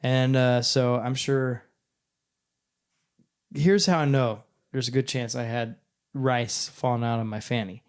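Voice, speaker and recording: A man with a mid-pitched, everyday voice spins long, meandering stories on a casual podcast. He wanders off on tangents and slips in dry jokes as he goes. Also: fairly even intonation, a little slow, long pauses, clear, resonant tone. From born in St. Louis, raised in western Oklahoma. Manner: rambling, jokey storyteller. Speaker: podcast co-host.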